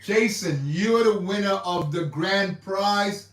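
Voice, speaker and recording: High-voiced man rambling on a livestream. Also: slow. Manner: rambling and repetitive, with hesitant restarts. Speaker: livestream host. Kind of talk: casual livestream chat. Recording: echoey room, mic far off.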